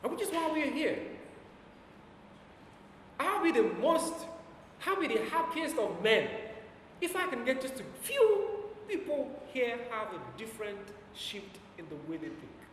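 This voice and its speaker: A man preaching a sermon, driving his points home and slowing down to dwell on scripture, with his volume rising and falling. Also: very high voice, huge pitch swings, a bit bright, a little hiss or hum. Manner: emphatic, slows down for scripture quotes, volume rises and falls. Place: church hall with long reverb. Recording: echoey church hall from far off.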